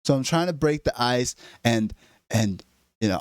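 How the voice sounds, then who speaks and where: A man's voice: mid-range voice, expressive, normal speed, clean tone, no echo, studio quality. A man delivering an exasperated, profane comedic rant straight to camera. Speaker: vlogger. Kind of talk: ranting comedic monologue.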